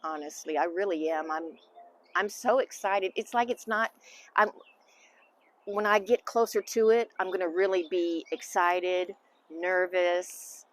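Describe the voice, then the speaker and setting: Candid woman, low-pitched and halting. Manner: candid, halting, emotional, trailing off into soft asides. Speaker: interviewee, mother of the interviewer. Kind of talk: casual family interview.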